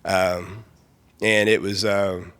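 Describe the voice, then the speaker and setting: A man telling his personal testimony as a podcast guest, earnest and halting, full of fillers. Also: deep voice, level tone, fairly bright tone, no echo.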